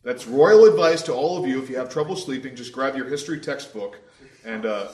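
Wry, animated young preacher. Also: male voice, medium pitch, a little fast. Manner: conversational, wry, animated storyteller. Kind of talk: sermon. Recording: roomy echo.

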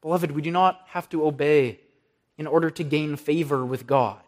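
A man delivers an earnest sermon in a notably high voice. He speaks with steady conviction, quoting scripture and naming the chapters as he goes. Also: moderate pace. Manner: earnest pulpit preaching, cites scripture references. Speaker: preacher.

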